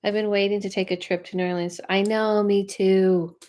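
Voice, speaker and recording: Woman psychic medium, chatty livestream host, mid pitch, rambling and direct. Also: flat delivery, normal speed, darkish tone. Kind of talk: casual livestream chat and readings.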